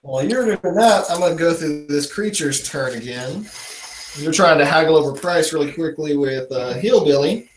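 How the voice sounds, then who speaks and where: A man's voice: on the high side, normal speed. A man running a tabletop game as dungeon master, narrating in a casual, chatty way. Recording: roomy echo.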